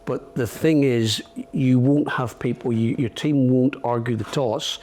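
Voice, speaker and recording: Middle-aged british guy, calm and steady, explains stuff patiently, medium pitch. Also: measured pace. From Britain. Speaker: guest, veteran and trainer. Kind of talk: casual interview.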